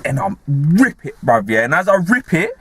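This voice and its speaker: A young man with a London accent telling a story in casual, slangy chat, animated and laughing often. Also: fairly high pitch, moderate pace, slightly rough. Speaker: podcast host.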